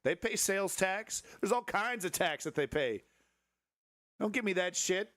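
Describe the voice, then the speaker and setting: A man hosting a live stream, reacting to clips with sarcastic, profane commentary and now and then breaking into shrill mocking voices. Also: animated, moderate pace, a bit bright, no echo. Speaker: livestream host.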